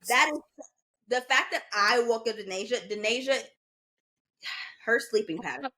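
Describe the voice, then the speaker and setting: A woman's voice: a little high, unhurried. A woman in her twenties co-hosting a podcast, telling stories in a casual chat and slipping into voices of the people she quotes. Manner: animated storytelling, mimics others' voices. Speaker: podcast co-host.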